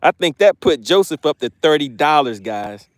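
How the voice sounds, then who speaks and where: A man hosting a fishing live stream outdoors, reading viewers' chat aloud in a playful, excitable way and laughing often. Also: a little high, moderate pace, no room sound, clean studio sound. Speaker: fishing channel host.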